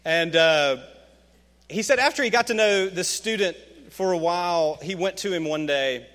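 Fervent preacher in a reverberant hall. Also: male voice, a bit bright. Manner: emphatic, rising to fervent peaks, dropping low and slow for quoted words. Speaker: pastor. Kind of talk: sermon.

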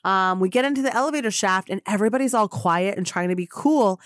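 A woman podcast host telling a story in an excitable way, acting out the voices of the people in it. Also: medium pitch, fast talker, hardly any pauses, dry recording, studio quality. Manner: acts out quoted voices, excitable. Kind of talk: animated storytelling.

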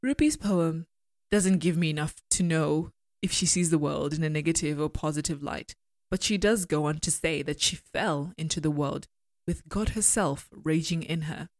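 Low-voiced woman critiquing poetry. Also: darkish tone, no room sound, studio quality. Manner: measured, deliberate, argumentative. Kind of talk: analytical commentary reading poems aloud.

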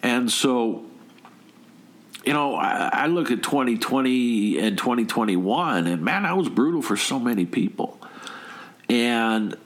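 A man's voice: mid-range voice, animated, a little slow. A middle-aged man giving a motivational talk, emphatic, firing rhetorical questions and often repeating or restarting words. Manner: frequent word repeats and restarts. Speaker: motivational speaker.

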